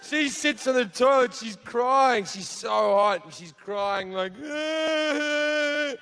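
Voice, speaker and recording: A man's voice: sits high, fairly even intonation, takes it slowly, vocal fry, a bit bright, a little hiss or hum. A man telling a stand-up comedy story to a laughing audience in a brash, profane, self-mocking way.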